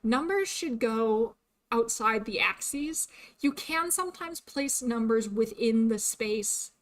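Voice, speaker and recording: This young adult woman is a VTuber doing a casual livestream, and her fairly high, expressive voice moves slowly. She's chatty, full of fillers and frequent laughs, though her voice is starting to tire.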